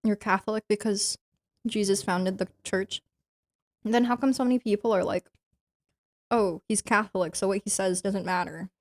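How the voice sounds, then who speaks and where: A woman's voice: mid-range voice, steady tone, moderate pace, pauses often, darkish tone. A young woman streamer chatting casually to her viewers, rambling with lots of fillers and giggling often. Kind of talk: casual livestream chat.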